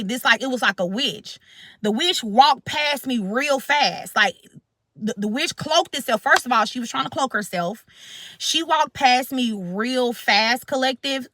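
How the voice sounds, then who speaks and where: A woman with a high, bright voice tells a dramatic story to her viewers, repeating lines for effect. She speaks casually, and the recording is dry and close. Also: dry recording. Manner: dramatic, repeats herself, addresses viewers as collective. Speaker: spiritual channel host.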